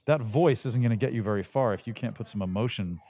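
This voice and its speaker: A man, a voice actor, chatting casually in an interview, loose and animated, with many restarts. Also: fairly low pitch, quick pace, husky. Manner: animated, laid-back, rambling with restarts. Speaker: voice actor guest.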